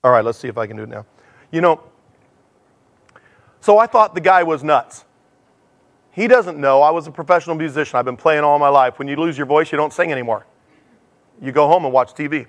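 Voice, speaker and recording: A middle-aged man giving a sermon in a church, animated and self-deprecating, telling stories and acting out dialogue. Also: a little high, fairly quick, long pauses. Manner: animated, acts out dialogue in changing voices. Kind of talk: sermon with storytelling.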